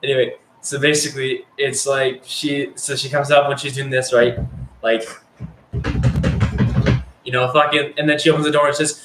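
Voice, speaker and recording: Very noisy audio and an echoey room surround a young man with a mid-range, level voice as he tells a school-days story at a moderate pace. He leaves long pauses, rambling and swearing with plenty of fillers.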